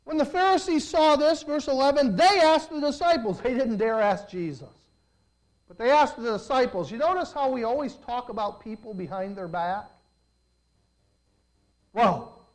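Pastor, sermon, mid-range voice, dynamic: hushed to forceful, acts out quotes. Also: medium pitch, expressive, low-quality recording. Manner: swings from quiet, slow reflection to loud, rising emphasis. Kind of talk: preaching a sermon.

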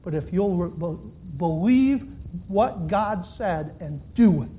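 A man preaching a sermon to a congregation, swinging between loud, high, impassioned stretches and low, earnest appeals. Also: animated, slow, a little hiss or hum. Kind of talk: sermon with altar call. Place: church.

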